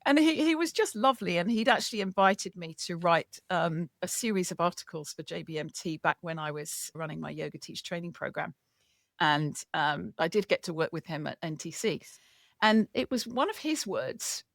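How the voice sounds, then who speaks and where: A woman author being interviewed, talking in a lively, chatty storytelling way. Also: fairly low pitch, normal speed, gravelly, dry recording, clean studio sound. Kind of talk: casual chat.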